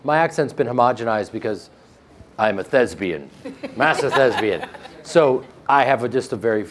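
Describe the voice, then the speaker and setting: Actor interview: Midwestern man, mid-pitched, wry and talkative, light room noise. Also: lively intonation, moderate pace. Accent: flat Midwestern American. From American Midwest. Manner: joking, self-deprecating, frequent restarts and laughs. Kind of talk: casual interview chat.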